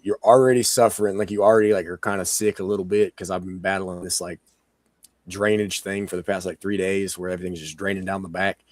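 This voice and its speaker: A man with a hoarse, sick voice, rambling casually as a co-host on a live-streamed talk show. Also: deep voice, level tone, quick pace, darkish tone, dry recording. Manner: rambling, chatty, many "like" fillers and laughs. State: hoarse, sick with sore throat. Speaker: podcast co-host.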